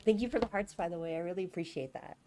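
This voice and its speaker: A woman's voice: on the low side, very fast, over music. A woman streamer reading a novel aloud on a live stream and chatting between passages, giggly and self-deprecating.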